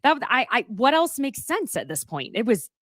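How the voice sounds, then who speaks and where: Animated woman recapping reality TV. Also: fairly high pitch, normal speed, no room sound, studio quality. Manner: animated, profane, mimics people with put-on voices. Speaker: podcast co-host. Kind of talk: casual recap chat.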